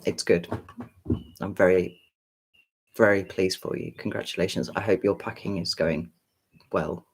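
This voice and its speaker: A woman's voice: extremely low pitch, steady tone, measured pace, creaky, a little hiss or hum, low-quality recording. A woman in her forties, chatting casually on a livestream and telling a long story in a frank, sweary, rambling way with lots of fillers. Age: 40s. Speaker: tarot reader livestreaming to a chat.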